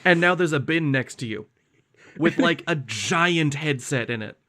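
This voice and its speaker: A man's voice: on the high side, animated, a little slow, pushed and bright. A young man from Canada co-hosting a podcast in casual chat, with dry, self-mocking humor. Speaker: podcast co-host.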